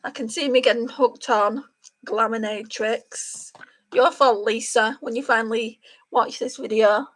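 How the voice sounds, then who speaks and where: A woman's voice: a little high, fairly even intonation, moderate pace. Chatty woman doing a makeup livestream. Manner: chatty, talks to viewers by name. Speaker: beauty livestream host. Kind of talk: casual makeup livestream chat.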